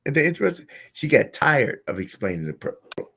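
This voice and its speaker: A man hosting a casual talk, telling stories with lively acted-out quotes and laughing at his own jokes. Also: mid-range voice, fairly quick, gravelly, a little hiss or hum. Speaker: podcast host. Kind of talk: casual conversational commentary.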